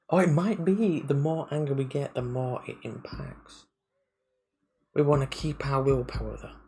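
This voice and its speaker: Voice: mid-range voice, dark tone, slight background noise, rough recording. A streamer on a live game play-through, reading the story text aloud and stopping to comment, often stumbling over and restarting words.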